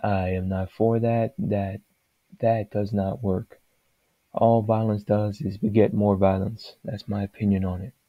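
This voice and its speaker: Man, low pitch, plain-spoken rambling opinion vlog; dry, dull lo-fi recording. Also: level tone, measured pace, no echo. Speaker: vlogger giving his opinion. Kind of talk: casual opinion monologue.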